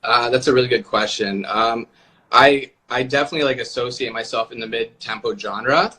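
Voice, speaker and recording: A man's voice: medium pitch, normal speed. A man chatting casually on a live-stream video call, talking loosely with lots of filler words. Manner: relaxed, many "like" fillers. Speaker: music producer guest.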